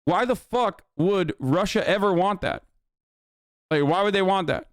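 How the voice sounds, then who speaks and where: A man's voice: high-pitched, unhurried, dry recording, studio quality. A man hosting a livestream and giving heated political commentary in a combative, profane rant. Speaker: livestream host.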